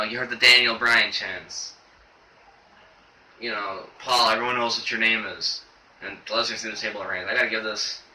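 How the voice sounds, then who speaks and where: A young man giving a casual, rambling video review of a wrestling show, halting with many fillers and sounding choked up. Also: lowish voice, pushed and bright. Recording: echoey room, distant camera mic, faint noise.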